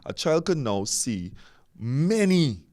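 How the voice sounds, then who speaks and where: A man's voice: a little high, sing-song, slow pace, a little mellow. A man explaining his view in a podcast discussion, often checking in with "right?". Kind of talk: casual discussion.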